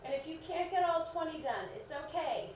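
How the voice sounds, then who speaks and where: A woman's voice: very high voice, expressive, brisk, darkish tone. A woman in her thirties coaching a live-streamed workout, counting reps and cheering people on in a chatty, encouraging way while sounding a bit sleepy. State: sleepy, yawning. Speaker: fitness instructor. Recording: echoey room, voice far from mic, faint noise.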